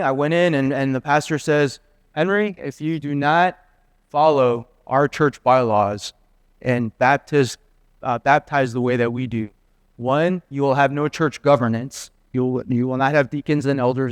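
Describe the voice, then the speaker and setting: A middle-aged guest preacher delivers a sermon built on personal stories, earnestly acting out the dialogue in lively voices. His mid-range voice has a clean tone, with no room sound.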